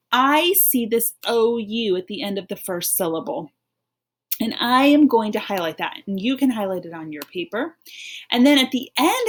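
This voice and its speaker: A woman teaching an online phonics lesson, reading a poem aloud and guiding children through it in a patient, encouraging way. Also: on the high side.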